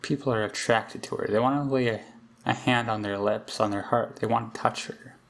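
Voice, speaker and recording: A man reading aloud the lines of a frantic young girl who says her demonic double is hunting her, in a rushed, pleading way. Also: medium pitch, steady tone, fairly bright tone, lightly acted. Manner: pleading, rushed, half-hysterical. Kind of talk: reading game dialogue aloud.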